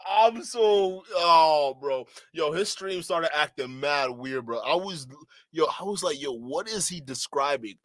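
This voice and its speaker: Bright-voiced guy reacting to a clip, slangy and laughing, in disbelief, dry close sound. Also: a little high, lively intonation, takes it slowly, long pauses, no room sound. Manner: incredulous, laughs often, slangy. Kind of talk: casual reaction stream talk.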